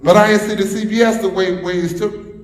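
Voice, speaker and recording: A male pastor with a high, steady voice delivers his sermon fairly quickly, using repetition and calling out responses from the people in the pews. His voice rings through the reverberant sanctuary.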